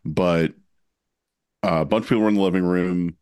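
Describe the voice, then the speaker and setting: A man's voice: low-pitched, moderate pace, a little mellow, clear, resonant tone, no echo, clean studio sound. A man co-hosting a podcast, telling a prank story in casual chat and giggling through it as he searches for his words. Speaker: podcast co-host.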